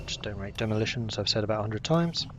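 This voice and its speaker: A man's voice: fairly low pitch, expressive, quick pace, background noise. Chatty man streaming a game. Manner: chatty, talks to himself and to chat while playing. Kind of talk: casual gameplay commentary.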